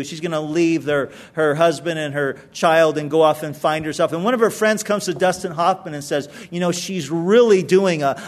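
A man preaching a sermon with a high, light voice for a man. He speaks earnestly, restarting and repeating words as he presses each point. It is the steady delivery of a pastor working through a passage.

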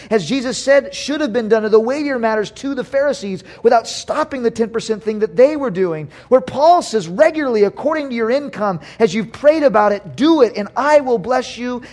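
High-voiced preaching man, animated. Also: moderate pace, few pauses. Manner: animated preaching with acted-out quotes, swinging from loud to hushed. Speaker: pastor. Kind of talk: sermon.

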